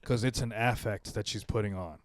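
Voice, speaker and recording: A man's voice: fairly low pitch, fairly quick. A man co-hosting a comedy podcast, talking casually and rambling with fillers and restarts. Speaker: podcast co-host.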